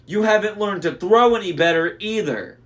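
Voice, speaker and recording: A clever teenage girl taunts and shouts in a raised, higher voice, played by a man reading aloud. She sounds bold and sharp-witted. It is a storybook character voice. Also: normal speed, far from the mic, natural voice. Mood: taunting.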